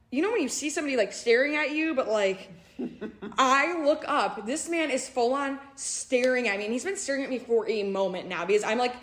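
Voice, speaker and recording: A young woman co-hosting a podcast, telling an animated story full of fillers and bursts of laughter. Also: high voice. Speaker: podcast co-host. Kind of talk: casual storytelling chat. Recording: roomy echo.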